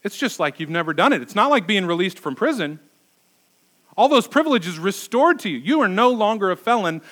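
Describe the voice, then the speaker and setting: A man's voice: sits high, big pitch swings, fairly quick, fairly bright tone. A man preaching as a pastor, conversational and emphatic, asking his listeners rhetorical questions. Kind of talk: sermon.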